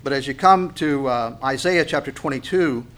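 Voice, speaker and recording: A man's voice: mid-range voice, moderate pace, fairly bright tone. A male pastor giving a conversational Bible teaching, full of fillers and restarts, with wry asides and sharper emphatic bursts on key points.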